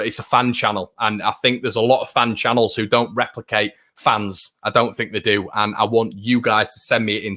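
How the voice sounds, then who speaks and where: A young man hosting a fan channel from his room, chatting casually and upbeat about football and reading out viewer comments, with many fillers and excited bursts. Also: on the low side. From England.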